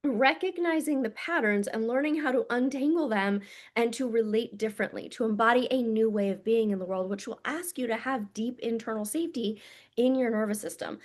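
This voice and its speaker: Her voice fairly high, a spiritual coach talks casually to camera in a monologue. She's direct and blunt, swears without restraint, and speaks to her audience intimately, calling them "my loves."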